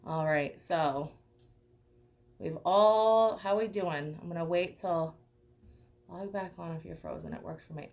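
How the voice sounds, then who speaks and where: A woman's voice: fairly low pitch, a little slow, long pauses, a little mellow. A young woman teaching a live online painting class, chatty and encouraging, checking in with "okay?" often. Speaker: art teacher.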